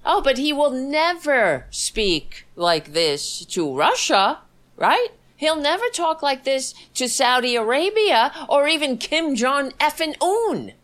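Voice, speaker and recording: Middle-aged female host, scornful sarcastic ranter, slow and deliberate delivery. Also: sits high, big pitch swings, a bit bright. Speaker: livestream host. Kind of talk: angry political commentary.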